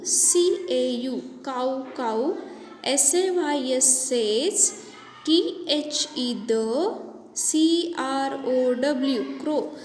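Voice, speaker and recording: A woman's voice: sits high, a little mellow. A woman teaching a children's lesson, spelling each word letter by letter before saying it. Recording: echoey room with long reverb, faint background noise.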